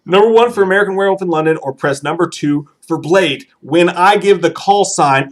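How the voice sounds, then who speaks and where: A playful man runs a livestream vote with jokey, announcer-like instructions. His voice sits a little higher than most men's. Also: fairly quick, hardly any pauses. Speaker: livestream host running a vote. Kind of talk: casual livestream banter.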